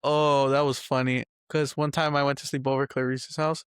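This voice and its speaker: A man's voice: medium pitch, little pitch movement, fairly quick, clear, resonant tone, no echo, clean studio sound. A young man co-hosting a podcast, telling childhood stories in casual chat, laughing often and swearing freely. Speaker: podcast co-host.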